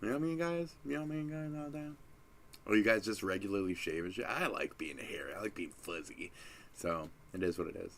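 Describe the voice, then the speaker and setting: A man's voice: lowish voice, lively intonation, brisk, a bit bright, a little hiss or hum. Drowsy, rambling, profane young man. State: sleepy, yawning. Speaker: streamer. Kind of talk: casual rambling sign-off.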